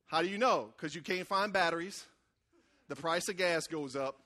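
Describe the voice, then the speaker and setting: Speaking at a normal speed, a preacher with a high, bright voice works through his sermon as if in conversation. He keeps prompting the congregation to answer him back, and he performs the quotes of the figures in his stories.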